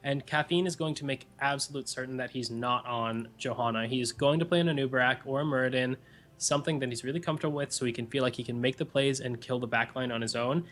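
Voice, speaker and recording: A man's voice: medium pitch, fast, fairly bright tone. A young man giving earnest, analytical color commentary on a live esports match.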